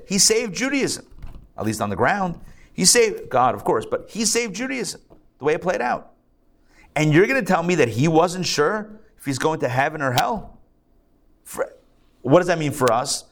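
A man, a rabbi, teaching a live class in a conversational, lively way, asking rhetorical questions and adding asides. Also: on the high side. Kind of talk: live lecture to a group. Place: live class in a synagogue learning center.

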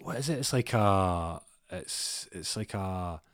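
Low-voiced Scottish man, casual storyteller, rambling and digressive, dry close sound. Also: lively intonation, takes it slowly, no room sound. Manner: rambling, digressive, laughs at own tangents. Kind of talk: casual anecdote.

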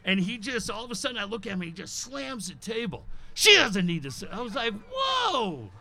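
A man's voice: sits high, expressive, quick pace, pushed and bright. A man co-hosting a live talk show, telling stories animatedly with laughter and swearing. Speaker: radio show co-host. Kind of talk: casual chat. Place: live show at a venue with a crowd.

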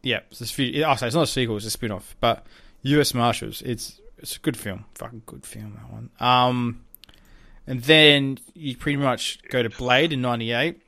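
A man's voice: medium pitch, moderate pace, creaky, pushed and bright, dry recording. A young man co-hosting a podcast in casual chat, rambling with many ums and some swearing. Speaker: podcast co-host.

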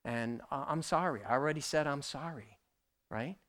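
A middle-aged Canadian pastor with a mid-range, fairly bright voice gives a conversational testimony sermon. His delivery is halting and packed with fillers and tag questions.

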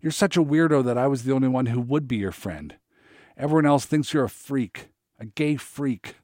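A man's voice: mid-range voice, moderate pace, a bit bright, no room sound, clean studio sound, pitched above the performer's own voice, lightly acted. A man voicing a scared, furious young boy screaming with a cracking voice.

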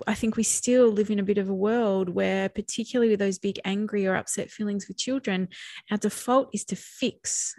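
A woman co-hosting a podcast in a relaxed, conversational way. She laughs often and acts out what people say. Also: medium pitch, dry recording, studio quality. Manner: animated, acts out quoted speech, laughs often. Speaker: podcast co-host.

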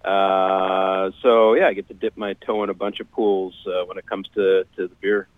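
Low-voiced man over a tinny phone line. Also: level tone, no room sound. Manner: measured, explanatory, many fillers. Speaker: guest, beer writer.

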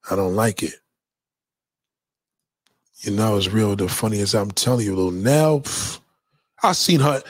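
A podcast host with a lowish, slightly bright, husky voice, recorded with no room sound. He chats casually, telling loose, profane stories full of restarts and reacting to live comments.

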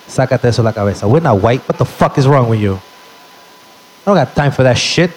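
A man imitating his gruff, blunt middle-aged father, who scolds in a harsh, profane way. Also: mid-range voice, lively intonation, normal speed, a little hiss or hum, pitched below the performer's own voice, lightly acted, poor audio. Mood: scolding.

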